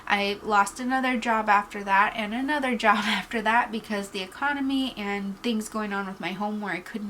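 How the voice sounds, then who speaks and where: A woman's voice: medium pitch, a bit bright, a little hiss or hum, low-quality recording. Candid woman in a makeup vlog. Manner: candid, reflective, trailing off into pauses. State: teary-eyed. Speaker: beauty vlogger. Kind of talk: casual get-ready-with-me chat.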